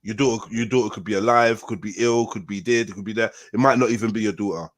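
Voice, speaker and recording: A man's voice: on the low side, fairly even intonation, fast talker, no echo. A man on a live podcast call, arguing casually and insistently, repeating himself and swearing. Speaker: podcast panelist.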